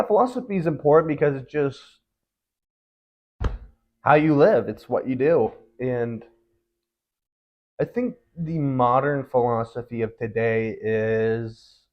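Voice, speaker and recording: Male vlog host, mid pitch, rambling and irritated, slightly dull lo-fi home recording. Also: takes it slowly, long pauses. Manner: rambling, frequent ums, frustrated. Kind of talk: casual rambling monologue.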